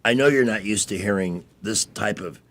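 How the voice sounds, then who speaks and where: Low-voiced joking radio host, man. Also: normal speed, a bit bright. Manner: joking, then blunt and testy. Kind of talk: casual radio chat.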